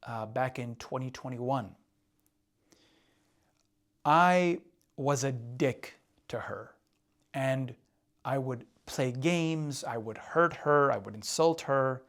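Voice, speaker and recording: A relationship coach gives husbands casual advice in a candid, confessional style, drawing on a board as he talks. His medium-pitched, fairly bright voice moves slowly with frequent pauses, and he keeps asking "right?" and repeating himself.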